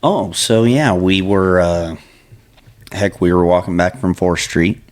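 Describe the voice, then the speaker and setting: A man's voice: deep voice, takes it slowly. A man co-hosting a casual chat, laid-back, often answering with short agreements. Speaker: co-host.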